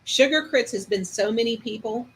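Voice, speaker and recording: A woman's voice: on the high side, normal speed, fairly bright tone. Older woman, folksy drawl, faint hiss. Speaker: livestream host. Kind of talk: casual livestream chat.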